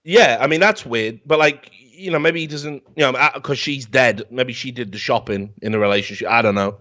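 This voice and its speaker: A man on a podcast, rambling through a profane, mocking comic rant about a film. His voice sits at an ordinary middle pitch, and the recording sounds dull and slightly lo-fi. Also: a little fast, pushed and bright. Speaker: podcast host.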